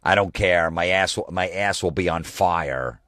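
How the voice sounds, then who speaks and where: A man hosting a comedy podcast, ranting in a profane, exasperated way and mocking people with quick impressions. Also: deep voice, fairly bright tone, dry recording, clean studio sound.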